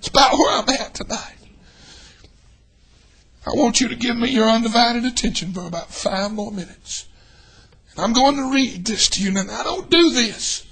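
An older man preaching a revival sermon in a church, telling folksy stories and swinging from hushed tones to shouting. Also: high-pitched, slightly rough.

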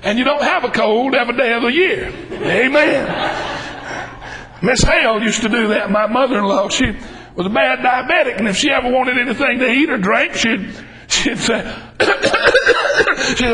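A man preaching a fervent sermon, his voice pitched strikingly high for a man. He presses each point hard and bursts into shouts. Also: expressive, moderate pace, slight background noise, rough recording.

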